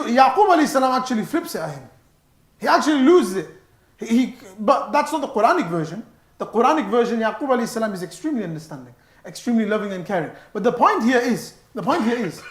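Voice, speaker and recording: A man giving a sermon in a mosque, animated and stressing his words, mixing in Arabic phrases. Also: very high-pitched. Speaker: mosque speaker. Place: mosque hall. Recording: echoey mosque hall.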